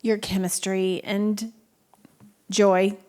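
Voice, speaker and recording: A woman co-hosting a podcast, speaking gently and in a measured way in casual conversation. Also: mid-range voice, little pitch movement. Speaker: co-host.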